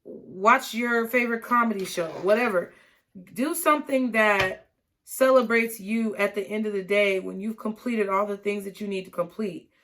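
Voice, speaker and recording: A woman's voice: medium pitch, fairly even intonation, normal speed, a bit bright, a little hiss or hum. A woman giving a casual, encouraging tarot reading to her viewers, often checking in with "okay?". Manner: encouraging, repeats words, many "okay?" asides. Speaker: tarot reader.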